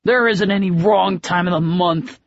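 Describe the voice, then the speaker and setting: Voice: medium pitch, normal speed, dry recording, pitched above the performer's own voice, natural voice. A blunt, furious young man in an audiobook romance, as the narrator plays him, curt and cold, biting off his words. The recording is dry and a little dull. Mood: angry.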